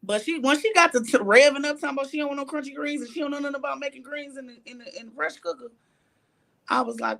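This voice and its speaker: A woman recounts a story in an interview, blunt and animated, acting out quoted lines. Her voice sits a bit high and carries a gravelly edge. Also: fast talker. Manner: animated, blunt and profane, acts out quoted dialogue. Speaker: interview guest, reality show cast member.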